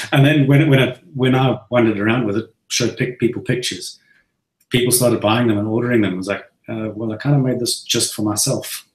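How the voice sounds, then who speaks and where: A man with a South African accent, telling a relaxed story as a guest on a chat show. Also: medium pitch, normal speed, pauses often, roomy sound, rough recording. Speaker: guest modder. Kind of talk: casual chat.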